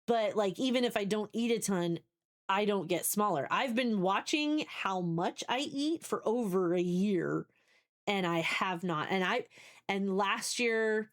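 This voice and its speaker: A woman in her forties chatting casually on a live stream, candid and rambling as she thinks aloud, with many restarts. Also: mid-range voice. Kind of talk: casual chat.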